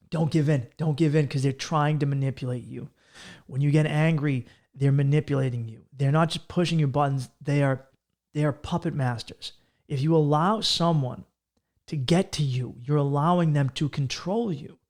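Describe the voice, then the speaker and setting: A male comedian hosting a podcast, talking in a casual advice monologue. He is blunt, swears freely and hammers his points home. His voice sits a little higher than most men's. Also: normal speed, darkish tone. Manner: profane, emphatic, blunt.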